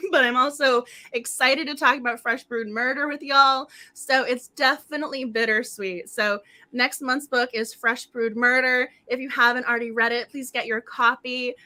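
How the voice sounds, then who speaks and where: Woman, book club host, bright voice, a bit high, slightly hoarse, chatty and gushing. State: slightly hoarse, losing her voice. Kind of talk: casual livestream chat.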